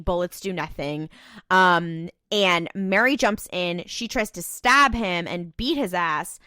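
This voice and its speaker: A woman with a bright, forceful voice tells the story in casual podcast chat. She quotes characters in quick asides. The sound is close and dry. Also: mid-range voice, no room sound. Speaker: podcast co-host.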